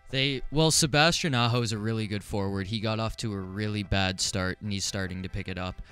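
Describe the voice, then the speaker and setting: A man giving steady, informed hockey analysis on a casual sports talk show. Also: lowish voice, fairly quick, clear, resonant tone, soft background music. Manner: steady informed analysis, some stammered starts. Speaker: hockey panelist.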